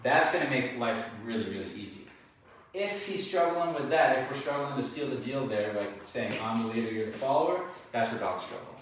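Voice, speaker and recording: Male dog trainer, mid-pitched, explanatory, recorded from afar in a very echoey space. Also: lively intonation, brisk, a little hiss or hum. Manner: explanatory, checks in with "okay?" and "all right?". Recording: very echoey, distant mic, faint background.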